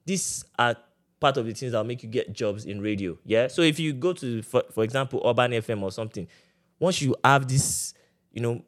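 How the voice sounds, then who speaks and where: A man's voice: medium pitch, moderate pace. A man with a Nigerian accent talks casually among friends. He presses his point and breaks in with repeated calls for the others to listen. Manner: insistent, cuts in to be heard. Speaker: podcast co-host. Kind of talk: casual group chat.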